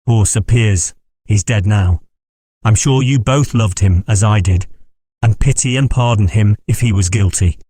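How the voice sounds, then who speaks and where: A man voicing a nervous, talkative Irish gentleman who tells a dark story in a confiding, dramatic way. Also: on the low side, measured pace, breathy edge, dry recording. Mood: mournful. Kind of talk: audiobook character voice.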